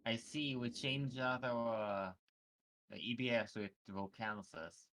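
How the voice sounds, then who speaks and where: A man in casual voice chat while gaming, easygoing and prone to trailing off quietly. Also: medium pitch, fairly even intonation, a little slow. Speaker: game player.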